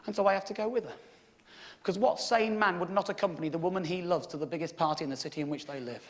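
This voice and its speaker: A man's voice: high-pitched, quick pace. A man doing stand-up storytelling on stage, sweary and full of profanity. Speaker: stand-up comedian. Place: stage in front of a live audience.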